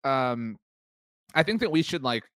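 A man co-hosting a sports podcast in casual chat, talking loosely with many fillers and quick laughs. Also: medium pitch, big pitch swings, a bit bright, smooth, no echo, clean studio sound. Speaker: podcast co-host.

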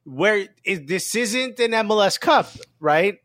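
A man co-hosting a comedy soccer show, trading quick jokes and playful asides in relaxed chat. His voice sits fairly high, recorded close with a dry sound. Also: no echo.

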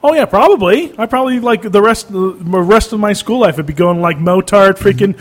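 Animated joking man, higher voice. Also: fairly quick. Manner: animated storytelling, jumps up in pitch when joking. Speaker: podcast co-host. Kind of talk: casual comedic chat.

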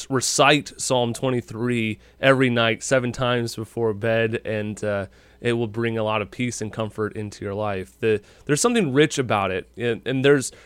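A man's voice: medium pitch, clean tone, no room sound. A man hosting a radio interview, talking casually with many fillers. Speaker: radio host.

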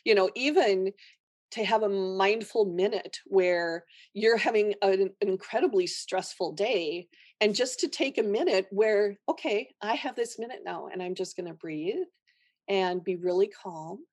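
A woman's voice: medium pitch, measured pace, no room sound. A woman nurse telling a personal story in a podcast chat, laughing often and acting out the people she quotes. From Minnesota, USA. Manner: animated storyteller who laughs often and acts out quoted voices. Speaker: guest, holistic nurse.

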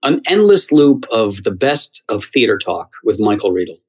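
A middle-aged man from the United States tells stories in an animated, chatty way. He often repeats words and quotes himself. His voice sits low and has a husky, slightly breathy grain. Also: normal speed, low-quality recording. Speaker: theater critic and guest. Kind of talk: anecdotal storytelling in conversation.

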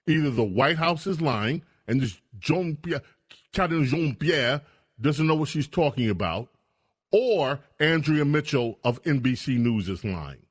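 A man hosting a political talk radio show, speaking in an animated, indignant way with frequent restarts. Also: on the high side, unhurried, husky.

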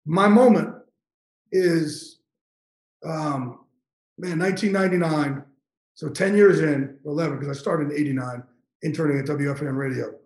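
A man's voice: fairly high pitch, moderate pace, pauses often, a little mellow, echoey room, rough recording. A man in his fifties, a guest on an interview show, telling an emotional story with intense, profane energy and getting choked up. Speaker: guest, NFL insider.

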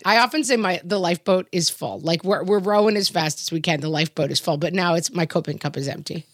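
Lively mother chatting, dry close sound. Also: on the low side, fast talker, no room sound. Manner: animated storyteller, acts out quoted voices. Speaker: podcast co-host. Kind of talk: casual chat.

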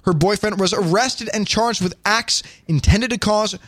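A man's voice: high voice, moderate pace, dry recording. A man hosting a casual comedy podcast, joking around and reading odd news stories aloud. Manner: animated, jokey, reads news items aloud. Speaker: host.

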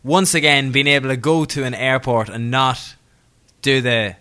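Bright-voiced man telling podcast stories. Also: mid-range voice, normal speed, smooth. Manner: chatty storyteller, laughs while telling. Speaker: podcast co-host. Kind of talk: casual podcast chat.

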